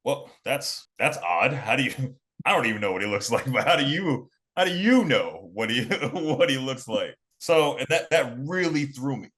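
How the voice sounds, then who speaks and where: A man's voice: mid-range voice, lively intonation, normal speed, a bit bright. A young man from New York telling a personal story in a laid-back, casual way, often repeating and restarting phrases. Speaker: podcast guest.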